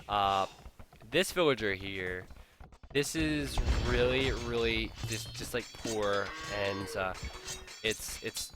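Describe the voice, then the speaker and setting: A man giving live play-by-play commentary on a strategy game match, chatty and openly incredulous, laughing at the players' blunders. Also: medium pitch. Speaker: game caster.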